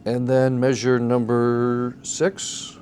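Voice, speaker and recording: A man's voice: medium pitch, monotone, slow pace, darkish tone. A man teaching a song leading class, patiently explaining beats and emphasis step by step and asking the class questions. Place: church classroom. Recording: faint background noise.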